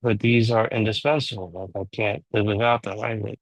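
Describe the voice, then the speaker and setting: A man taking his turn reading in a recovery group study, casual and a little halting. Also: lowish voice, level tone, dry recording, low-quality recording. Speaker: meeting member reading aloud.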